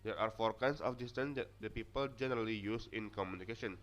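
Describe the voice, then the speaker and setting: A man's voice: fairly low pitch, quick pace. A young man with an Indonesian accent, whose first language is Indonesian, giving a student class presentation and reading from notes with frequent restarts and stumbles. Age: young adult. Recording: dull lo-fi audio.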